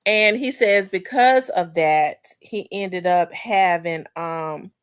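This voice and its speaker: A congested woman in her forties hosts a casual livestream and talks straight to her viewers. Her voice sits a little low, and she rambles through fillers and restarts, calling the audience y'all. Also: slow pace, smooth. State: congested, clearing throat. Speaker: livestream host. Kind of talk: casual livestream commentary, reading chat.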